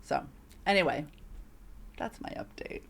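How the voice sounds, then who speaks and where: A woman co-hosting a podcast, her voice sitting on the low side. She chats casually and tells stories with animation, leaning on plenty of fillers along the way. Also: a little slow, gravelly, a little hiss or hum. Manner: animated storytelling, filler-heavy. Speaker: podcast co-host. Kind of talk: casual chat.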